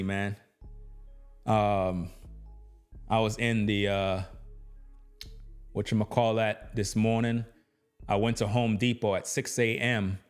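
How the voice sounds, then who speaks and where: This YouTube commentator is a relaxed New Yorker with a somewhat low voice. His casual, chatty commentary is peppered with "you know what I mean."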